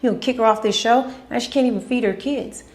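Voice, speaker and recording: A woman's voice: fairly high pitch, fast talker. Blunt, opinionated woman host. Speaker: host answering viewer questions. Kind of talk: casual Q&A vlog.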